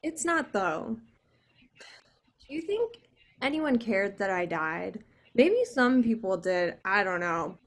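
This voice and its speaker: A woman's voice: lowish voice, lightly acted. A woman reading a brash, drunk young woman in the afterlife, sarcastic and slurring, at a video call table read. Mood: maudlin.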